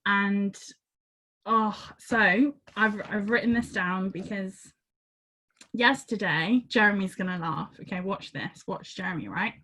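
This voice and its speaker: A woman telling a personal story in a casual, animated way. She acts out her own reactions and repeats words as she goes. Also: medium pitch, a little slow. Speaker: community member sharing a story. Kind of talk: casual storytelling on a group call.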